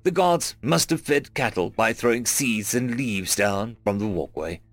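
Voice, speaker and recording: A man narrating a first-person science fiction story in a measured storytelling manner. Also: mid-range voice, dry recording. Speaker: audiobook narrator. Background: faint background music.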